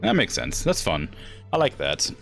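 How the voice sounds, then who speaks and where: A man's voice: mid-range voice, huge pitch swings, normal speed, gravelly, a bit bright, soft background music. A young man streaming a video game, chatting casually, thinking aloud and chuckling as he plays. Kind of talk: casual gameplay chat.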